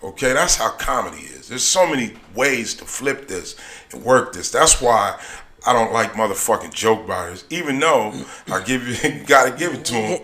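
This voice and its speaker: Animated, profane man doing accents. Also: lowish voice, normal speed. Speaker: podcast host, comedian. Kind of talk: casual comedic chat with voice impressions.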